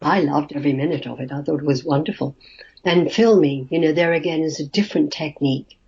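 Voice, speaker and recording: Older actress guest, mellow husky voice, animated storyteller, muffled call audio. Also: female voice, low-pitched, fast. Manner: lively storytelling, laughs often. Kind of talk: casual interview chat. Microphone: video call.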